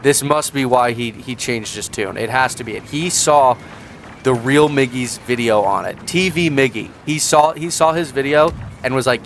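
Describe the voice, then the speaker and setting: A man's voice: mid-range voice, moderate pace, slight background noise. A man giving casual reaction commentary as a vlogger, sarcastic and rambling with restarts.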